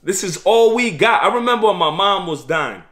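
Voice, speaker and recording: Preachy streetwise man, slightly high voice. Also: lively intonation, normal speed, fairly bright tone. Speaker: vlogger giving life advice. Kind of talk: casual motivational monologue.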